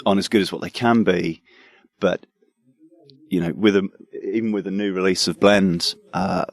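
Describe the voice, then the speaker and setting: A man's voice: deep voice, fairly even intonation, moderate pace, gravelly, no room sound. A man with an English accent, a developer, talking enthusiastically about his work with stammering restarts. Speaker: developer guest. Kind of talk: casual tech chat.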